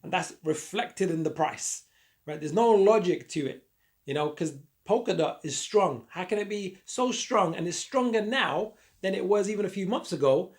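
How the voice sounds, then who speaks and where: A man teaching a chart lesson with a croaky voice, upbeat and repetitive as he talks through his drawing on the screen. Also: high voice, animated, normal speed. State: croaky voice, frog in throat. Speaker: trading educator.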